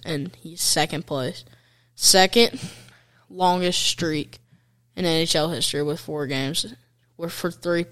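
A young man giving casual, excitable commentary over hockey highlights, chatty and fan-like, with fillers and slang.

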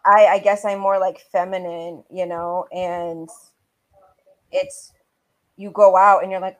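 A woman's voice: fairly low pitch, flat delivery, takes it slowly, pauses often. A young adult woman co-hosting a casual chat, gossipy and full of "like" fillers. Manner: chatty, gossipy, filler-heavy. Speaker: co-host.

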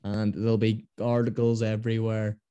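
Man, podcast host, chatty, rambling, low pitch, dry room. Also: monotone, normal speed, dark tone, clear, resonant tone, no echo. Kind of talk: casual rugby chat.

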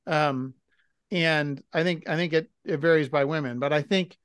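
A man's voice: fairly high pitch, fairly even intonation, moderate pace, a bit bright, clean tone, dry recording. Candid man with a dry close voice. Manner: candid, reflective, thinks aloud with restarts. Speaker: podcast co-host. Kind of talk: casual podcast chat.

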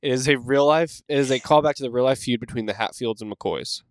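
A man's voice: mid-range voice, quick pace. A man co-hosting a casual podcast from home, talking in a rambling, easygoing way with many fillers. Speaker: podcast co-host. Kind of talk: casual chat. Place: home room.

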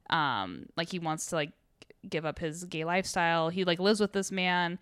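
A woman's voice: lowish voice, normal speed, clean tone, no echo, clean studio sound. A young woman chatting casually about a film she watched, laughing often and acting out lines from scenes. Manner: animated, laughs often, acts out quotes. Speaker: podcast co-host. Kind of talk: casual chat recapping a film.

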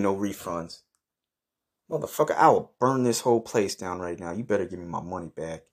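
A comedy podcast host tells a crude first-person story, brash and swaggering, swearing heavily and erupting in outrage. His voice is low, a little fast, and slightly mellow.

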